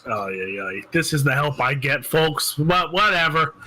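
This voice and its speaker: Man, play-by-play race commentary, light joking manner, high bright voice. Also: lively intonation, unhurried, a little hiss or hum, poor audio. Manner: joking, teasing banter. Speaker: sim racing commentator.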